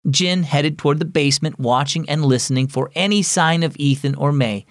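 A man hosting and narrating a scripted children's devotional story, reading clearly and expressively. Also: on the high side, normal speed, no echo, clean studio sound.

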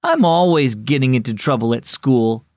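A man's voice: medium pitch, lively intonation, moderate pace, darkish tone, dry recording, clean studio sound, natural voice. A man voicing a discouraged schoolboy who mutters and stammers in a raised voice. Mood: glum. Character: troubled schoolboy, glum and discouraged.

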